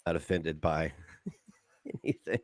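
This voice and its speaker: A man's voice: very deep voice, expressive, slow pace. A man on a live stream clip, talking in a crude, profane and taunting way.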